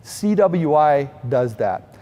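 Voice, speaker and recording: A man's voice: a little high, very animated, slow pace, warm tone, long reverb tail. A middle-aged man giving an earnest, heartfelt storytelling speech at a benefit event.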